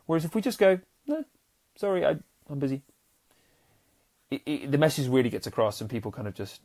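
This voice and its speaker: A man talks casually to his podcast listeners as a happiness coach. He is earnest and animated and stumbles over his words, and his pitch leaps high and then drops down low. He curses now and then without fuss. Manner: earnest and animated, with frequent restarts and swings between loud and soft; swears casually and addresses listeners as warriors. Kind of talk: casual motivational podcast talk.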